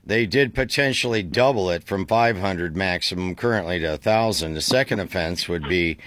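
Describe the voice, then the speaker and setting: A man's voice: low voice, normal speed, noisy background. A man hosting a call-in radio show, reading out facts in a dry, joking manner. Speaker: radio talk show host. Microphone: studio microphone.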